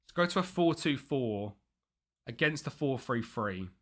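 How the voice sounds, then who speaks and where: A young man streaming live, chatting and thinking aloud over a football management game, with excited bursts at chances. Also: mid-range voice, a little slow. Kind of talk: live gameplay commentary.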